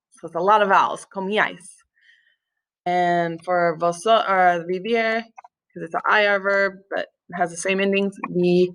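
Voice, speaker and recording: A woman, a Spanish teacher, gives a recorded screen-share language lesson, explaining patiently step by step with small slips and fillers. Her voice sits on the low side and is a bit bright.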